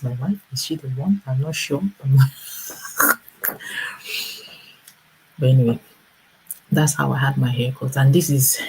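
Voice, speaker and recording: Low, mellow-voiced woman telling a story. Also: a little hiss or hum, rough recording. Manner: animated storyteller, acts out quoted voices with laughs. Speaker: livestream host and business coach. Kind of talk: casual storytelling livestream.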